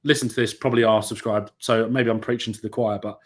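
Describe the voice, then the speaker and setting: A man's voice: on the low side, flat delivery, quick pace. A young man co-hosting a casual football podcast over a call, rambling and hesitant, often restarting his sentences. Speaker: podcast co-host and YouTuber. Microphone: remote call mic.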